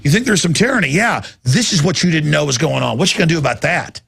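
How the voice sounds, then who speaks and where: A man mimicking a smug, mocking male voice of the establishment, gravelly and husky. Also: a little high, expressive, fast talker, a bit bright, no echo, studio quality, heavily acted.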